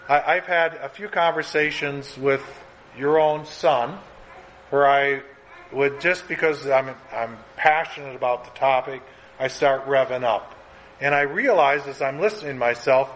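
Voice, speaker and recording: A man teaching a class in an earnest, conversational way, sometimes quickening as he acts out examples. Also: mid-range voice, fairly bright tone, slight background noise, poor audio. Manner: earnest, conversational, speeds up when acting out examples.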